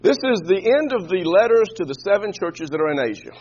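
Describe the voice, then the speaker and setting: A male preacher with a very high, husky voice, leading his congregation through scripture in call-and-response. He moves between quiet, conversational asides and loud, shouted emphasis. The recording is muffled and dull. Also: sing-song, a little fast. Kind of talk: sermon.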